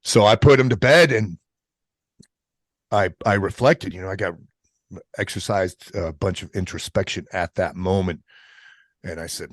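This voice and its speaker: A middle-aged man, a military veteran guest on a podcast, telling a personal story in a casual, profane way, halting and restarting as he goes. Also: deep voice, no room sound, studio quality. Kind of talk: candid storytelling in an interview.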